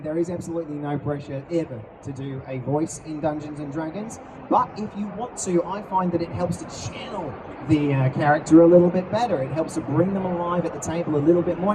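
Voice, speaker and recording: A man's voice: fairly high pitch, quick pace, few pauses, far from the mic, background noise. A man co-hosting a live convention talk on tabletop character creation, chatty and playful, explaining with acted examples. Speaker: co-host teaching character creation. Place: convention stage.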